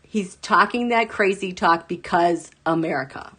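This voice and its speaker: A woman hosting a casual live tarot stream, chatty and animated, often laughing and jumping up into high exclaims. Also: unhurried, breathy edge. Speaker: tarot reader host.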